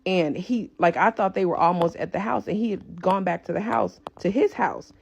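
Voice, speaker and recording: A woman's voice: lowish voice, normal speed, gravelly, darkish tone, husky, dull audio. A woman telling an emotional story to her viewers in an urgent, direct way.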